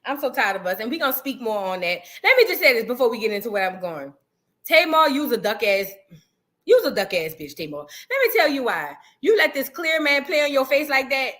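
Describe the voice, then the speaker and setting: A woman hosting a casual reaction livestream, rambling in slang, reading chat and shouting out viewers. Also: sits high, very animated, brisk.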